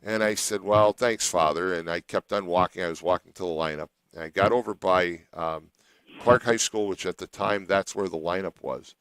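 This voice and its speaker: A man's voice: low voice, normal speed, a bit bright, clear, resonant tone, dry recording, low-quality recording. A middle-aged man hosting a radio show, telling a long personal story in a rambling way with many restarts.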